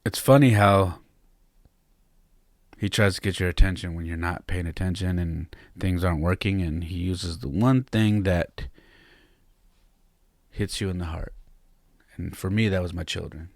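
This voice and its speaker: Low-voiced man telling a heartfelt story. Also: steady tone, unhurried, pauses often, dry recording. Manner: heartfelt, candid, reflective. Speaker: podcast host. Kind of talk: personal storytelling.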